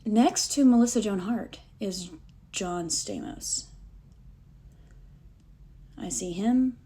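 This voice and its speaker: Animated woman telling a story to camera. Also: medium pitch, takes it slowly, slightly rough. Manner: animated, self-deprecating, acts out dialogue. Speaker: vlogger telling a personal story.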